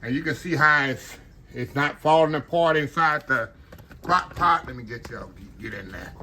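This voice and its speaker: A man's voice: on the high side, normal speed, sharp tone. A man chatting casually to his viewers while cooking at home in his kitchen. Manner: chatty, talks to viewers as "y'all". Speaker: home cook.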